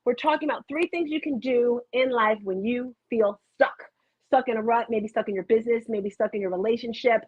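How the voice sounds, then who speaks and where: Brief: middle-aged woman, motivational host, husky, fairly high voice, rambling and animated, tinny dry webcam audio. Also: fairly quick, dry recording. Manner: chatty, goes off on tangents, animated storytelling. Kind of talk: rambling live motivational talk. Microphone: computer webcam.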